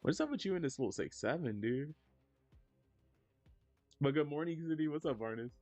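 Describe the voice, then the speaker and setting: A young man streaming live, reading chat aloud in a laid-back, slangy way, saying he is low on energy. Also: animated, moderate pace, a little mellow, dry recording, highs cut off, soft background music. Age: young adult. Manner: laid-back slangy talk, jumps high when teasing chat. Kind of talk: casual livestream chat reading messages.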